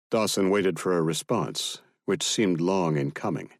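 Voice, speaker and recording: A man narrating a thriller audiobook in a steady, even storytelling manner. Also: low voice, a little slow, few pauses, no echo, clean studio sound.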